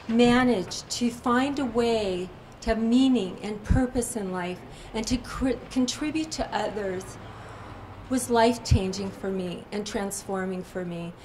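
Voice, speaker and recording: Woman author, storytelling to an audience, fairly high voice, expressive, faint room ambience. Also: a little hiss or hum, low-quality recording. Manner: expressive retelling, slowing for emphasis. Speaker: author at a book signing. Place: bookstore event.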